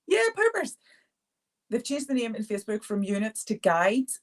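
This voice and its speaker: A woman from the UK hosts an art therapy session live online. She talks in an easy, chatty way, laughs freely, and answers viewers' comments as they appear. Her voice sits at a medium pitch. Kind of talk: casual live-stream chat.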